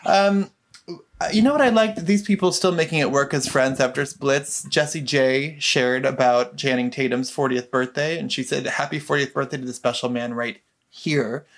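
Brief: playful host of a pop-culture gossip show, teasing co-hosts. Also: mid-range voice. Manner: playful, teasing, quick to laugh.

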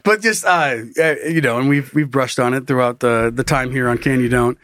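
Animated podcast host, man, dry close sound. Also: medium pitch, a little fast, no room sound. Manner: animated, swearing, laughing at his own story. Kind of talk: casual podcast chat and storytelling.

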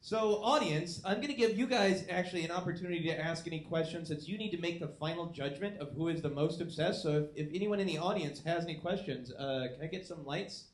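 A man hosting a live podcast, talking quickly and teasing the panel with playful jokes, recorded in a roomy space. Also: on the high side. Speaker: host. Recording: roomy live room sound.

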